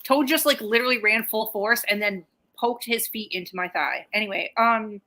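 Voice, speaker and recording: A woman's voice: a little high, normal speed, a crowd in the background, rough recording. A woman co-hosting a live podcast, teasing and blunt in casual chat. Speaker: podcast co-host.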